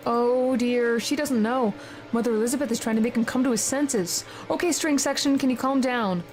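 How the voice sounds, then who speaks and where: A woman playing a horror video game, reacting excitedly with frequent swearing and reading the on-screen text aloud. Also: a little high, normal speed, faint music behind. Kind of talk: casual let's-play commentary.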